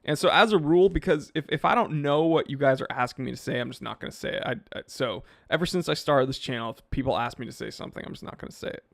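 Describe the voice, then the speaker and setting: A man's voice: medium pitch, fast talker, gravelly, few pauses, a bit bright, no echo, clean studio sound. A man hosting a live stream, casually reading viewer comments aloud and rambling offhand about them. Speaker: watch channel host reading live chat.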